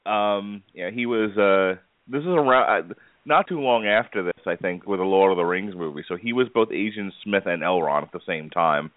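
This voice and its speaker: A man's voice: low voice, lively intonation, normal speed, dry recording. A man hosting a casual movie chat podcast, rambling with many fillers and laughing often. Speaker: podcast host. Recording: tinny phone-like dry sound.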